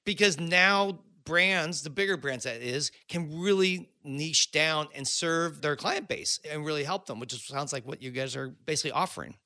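A man hosts a relaxed industry conversation, chatty and upbeat. His voice sits a little high and sounds bright and forward. The recording is dry, with no room sound. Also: moderate pace, hardly any pauses, no room sound. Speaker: podcast host. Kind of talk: casual interview chat.

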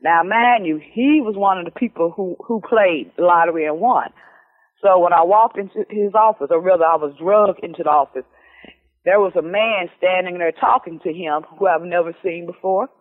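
Middle-aged woman, casual storyteller on a phone line, lively, acts out dialogue, lots of fillers. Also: fairly low pitch, normal speed. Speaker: lottery winner telling her story. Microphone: telephone.

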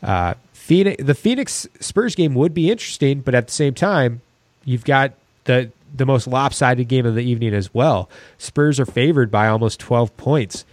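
A man's voice: medium pitch, expressive, moderate pace, no room sound. A man co-hosting a casual sports podcast, talking in a rambling way with many restarts. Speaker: podcast co-host.

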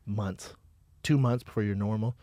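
A man's voice: on the low side, moderate pace, dark tone, no echo. A middle-aged man chatting casually as a podcast guest, telling stories and acting out the dialogue. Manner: storytelling, acts out quoted dialogue, says "man" often. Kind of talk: casual chat.

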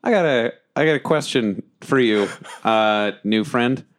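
A man's voice: medium pitch, unhurried, lightly acted. A man playing a jailed cleric in a tabletop game, coaxing his guards with promises. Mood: wheedling. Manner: wheedling, persuasive. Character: scheming male cleric prisoner, sweet-talking.

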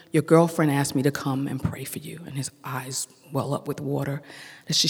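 A storyteller on a theater stage, telling a personal story with animated energy and acting out each exchange of dialogue. The voice carries a long hall reverb, and its pitch sits in the middle of the usual range. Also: husky.

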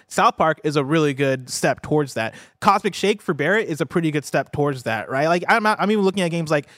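A man's voice: fairly high pitch, fairly bright tone, no room sound. Chatty man on a dry close mic. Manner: loose and chatty, frequent fillers, laughs easily. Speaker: co-host of a gaming news show. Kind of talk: casual chat and reading a release list.

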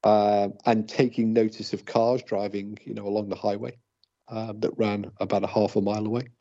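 Co-host, male, hesitant and chatty, husky mellow tone, dull lo-fi radio sound. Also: on the low side, little pitch movement, moderate pace. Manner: hesitant, many fillers and restarts. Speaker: paranormal investigator, co-host. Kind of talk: casual radio talk.

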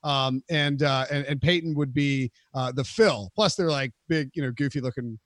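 A man's voice: medium pitch, normal speed, no echo, clean studio sound. A man co-hosting a casual sports podcast, rambling along with many fillers. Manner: rambling, lots of fillers and likes. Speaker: podcast co-host.

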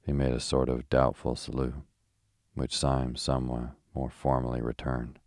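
Deep, monotone sleep-story narrator. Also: male voice, no echo, studio quality. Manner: slow, steady, soothing. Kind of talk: rhythmic sleep-story reading.

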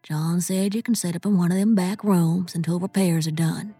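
A woman voicing a soft-spoken male sheriff in a western tale, talking quiet and measured with folksy turns. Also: high-pitched, steady tone, husky, soft background music.

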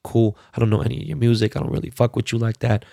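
A man's voice: medium pitch, steady tone, very fast, vocal fry, warm tone, no echo, clean studio sound. A man giving casual, profane, heated commentary as a podcast host, stressing points by repeating words.

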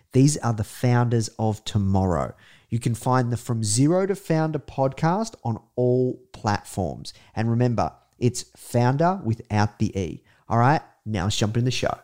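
An upbeat man hosting a business interview podcast, with an even middle-pitched voice. He moves quickly from a cheerful plug into a question for his guest. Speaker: podcast host. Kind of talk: interview and promo read.

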